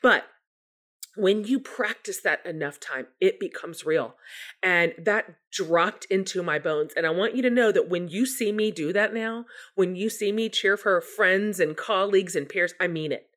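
A woman's voice: on the low side, normal speed, fairly bright tone. A woman guest telling a personal story candidly and with self-deprecating humor, acting out her own past words. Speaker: guest author.

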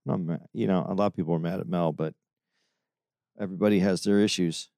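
A man's voice: low voice, steady tone, quick pace, vocal fry, warm tone, dry recording, studio quality. A man co-hosting a casual comedy podcast, rambling with fillers and reading out his tour dates. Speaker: podcast co-host and touring comedian.

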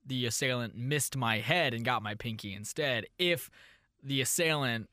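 A man hosting a casual advice podcast, telling absurd stories in a rambling, deadpan way. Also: mid-range voice, moderate pace, dry recording, studio quality. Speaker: podcast host.

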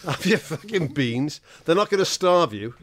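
A man's voice: on the high side, lively intonation, normal speed. A man joking around as a podcast co-host, swearing a lot and laughing through crude banter.

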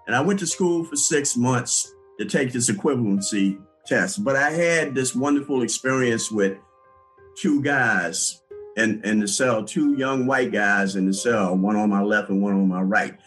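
An older man telling his life story in a relaxed interview, with many restarts and small chuckles. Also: mid-range voice, measured pace, soft background music, low-quality recording. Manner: conversational, with frequent restarts and chuckles. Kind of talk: recalling his past in an interview.

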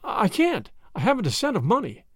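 An excitable old grandmother in a storybook, high and quavering, her voice leaping wildly up and down, put on by a man narrating. The recording is close and dry. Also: normal speed, no echo. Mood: panicked. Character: fussy, anxious old grandmother on a train.

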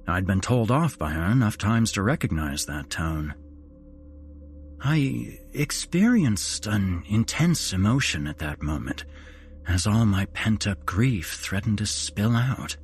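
A man hosting a horror podcast, narrating a first-person ghost story in a measured, dramatic way. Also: on the low side, very animated, husky, soft background music.

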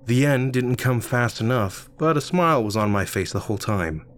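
A man's voice: medium pitch, animated, normal speed, slight background noise. A man narrating a first-person story in a casual, wry way.

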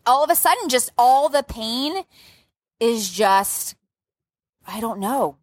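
A young adult woman telling her birth story in a casual, lively way, acting out what she said back then. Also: a little high, takes it slowly, no room sound, clean studio sound. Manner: lively storyteller who acts out her own past outbursts.

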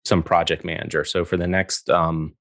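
A middle-aged man with a very low voice tells stories in a relaxed chat, and he acts out every quote. The sound is close and dry, with no room around it. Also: normal speed, no room sound. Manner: animated, acts out quotes, laughs often. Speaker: guest. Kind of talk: casual storytelling interview.

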